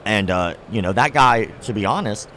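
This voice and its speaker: In a lowish voice at normal speed, a young martial arts content creator tells stories as a guest in a casual interview, outdoors at a trade show. Animated, he impersonates the people he quotes and swears freely. A bit of background noise can be heard.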